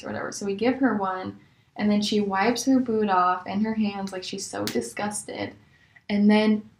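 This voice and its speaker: A young woman vlogger telling casual stories about rude customers, animated and exasperated, her voice jumping high in disbelief. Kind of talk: casual storytelling. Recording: echoey room.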